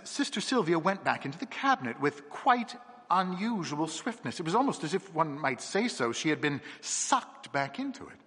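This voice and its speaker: A man narrates a seance tale in a measured, expressive way, his voice bright and lively in pitch. A slight huskiness sits in his tone. The reading carries a long hall reverb. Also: breathy edge. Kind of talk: scripted narration of a ghost story.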